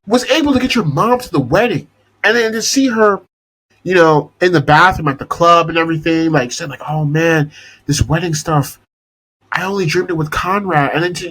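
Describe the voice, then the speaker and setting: A young man hosts a podcast in an exasperated, casual rant, swearing freely. His voice is husky and sits a bit high, with wildly lively pitch swings. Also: moderate pace, low-quality recording. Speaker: podcast host. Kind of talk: casual rant about a TV show.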